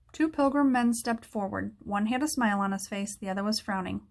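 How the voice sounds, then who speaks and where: A woman narrating a children's book aloud in a steady storytelling manner. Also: mid-range voice, fairly quick, creaky, hardly any pauses.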